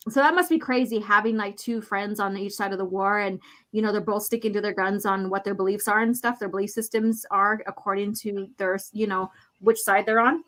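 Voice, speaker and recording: A woman's voice: medium pitch, steady tone, a bit bright. A woman hosting a casual chat, reading comic book panels aloud and commenting with lots of fillers. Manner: chatty, many fillers, reads dialogue slowly with emphasis.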